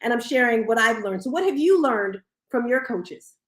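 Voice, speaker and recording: A woman hosting a live audio room, talking in an energetic, motivational way with quick asides. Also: fairly high pitch, echoey room. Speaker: show host.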